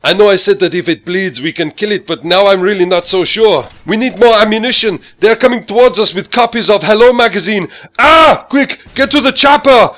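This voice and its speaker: A man putting on an impression of a gruff action-movie hero, shouting his lines in a rising, panicked yelp. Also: high-pitched, brisk, few pauses, voice pushed up.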